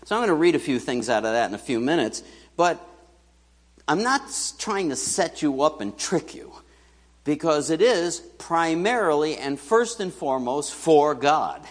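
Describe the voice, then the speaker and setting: A man's voice: a little high, very animated, normal speed. A man preaching a sermon as pastor, chatty and joking, putting questions to the congregation. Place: church hall. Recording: church hall reverb.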